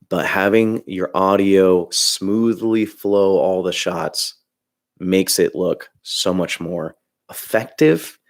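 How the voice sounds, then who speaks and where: Gravelly low-voiced man ranting casually. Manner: rambling, animated ranting with frequent restarts; reads out chat comments. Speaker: filmmaking YouTuber hosting a livestream. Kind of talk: casual livestream chat.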